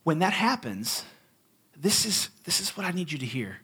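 Animated preacher man, higher voice. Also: normal speed, husky. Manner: animated, conversational, with jokes and emphatic swings. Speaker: pastor. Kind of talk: storytelling sermon.

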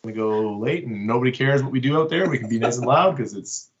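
A man's voice: mid-range voice, fairly quick, dull audio, a little hiss or hum. A man from Canada, a band member guest on a podcast, trading teasing jokes and laughing often. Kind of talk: casual chat.

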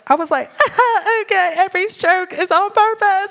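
A woman in her thirties giving a sermon full of personal stories, chatty and animated, checking in with the audience with "okay?" and "all right?". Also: very high voice, measured pace. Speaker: speaker at a women's church gathering. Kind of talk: preaching with personal storytelling.

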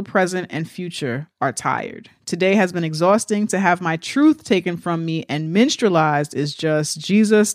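Low-voiced candid woman, dry sound. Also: dry recording. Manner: candid, profane, emphatic. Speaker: podcast co-host. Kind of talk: casual chat, reading quotes aloud.

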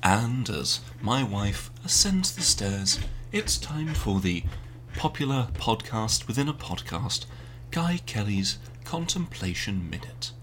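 A man's voice: on the low side, very animated, slow, hardly any pauses, a bit bright, a little hiss or hum. A man co-hosting a casual home podcast, rambling and easily sidetracked, mocking himself as he goes. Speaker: podcast co-host. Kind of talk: casual chat. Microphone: home podcast mic with earpiece.

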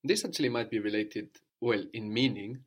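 A man's voice: fairly low pitch, moderate pace, husky. A man teaching a spoken language lesson, explaining patiently and often checking in with a questioning "no?".

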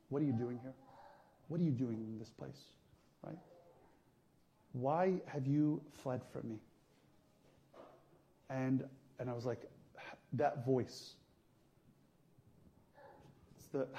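A male priest giving a conversational sermon, going from soft, quiet asides to loud emphatic passages. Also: medium pitch, dull audio. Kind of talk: sermon teaching.

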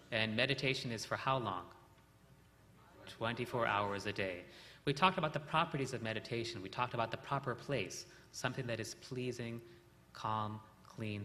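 A man with a lowish, bright, forceful voice recaps a meditation lesson in a calm, explanatory way. He sometimes asks his listeners questions. The sound carries a long hall reverb with faint noise underneath. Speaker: meditation teacher. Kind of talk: spiritual lesson recap with storytelling.

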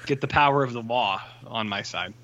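A man's voice: mid-range voice, a little fast, muffled recording, a little hiss or hum. A man co-hosting a casual film podcast, telling stories with laughs and swearing. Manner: animated storyteller, swears, laughs. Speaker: podcast co-host. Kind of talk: casual film review chat.

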